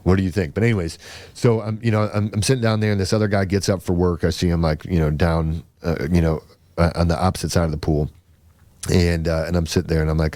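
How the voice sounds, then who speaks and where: A man's voice: low-pitched, fairly even intonation, quick pace, a little mellow, dry recording. A man hosting a podcast, telling a story casually with lots of fillers into a close mic. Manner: rambling, lots of fillers and restarts. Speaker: podcast host.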